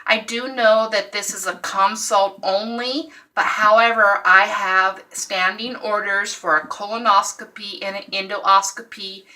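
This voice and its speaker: A woman vlogging about her recovery after surgery, telling her story in an exasperated, animated way and acting out the dialogue. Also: medium pitch, a little slow, few pauses, recorded from a distance. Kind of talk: casual personal vlog.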